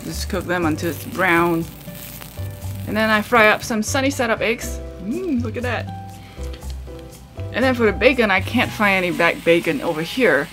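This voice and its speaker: Woman, food vlogger, casual step-by-step chat, mid pitch, soft music underneath. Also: animated, normal speed, pauses often. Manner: chatty, step-by-step, frequent ums and uhs; talks to viewers directly, asks them questions. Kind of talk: casual cooking and mukbang chat. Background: faint background music.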